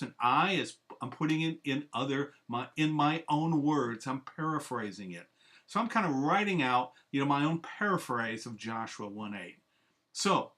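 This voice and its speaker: A man's voice: a little high, a bit bright. A man giving an earnest, methodical instructional training talk as a discipleship trainer, laying out simple steps one by one.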